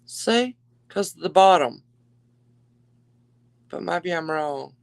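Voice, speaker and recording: A woman's voice: fairly low pitch, expressive, slow pace, creaky, clear, resonant tone, poor audio. A woman hosting a live jewelry auction stream, chatty and gushing, calling her viewers darling and y'all. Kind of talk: casual live-stream selling chat.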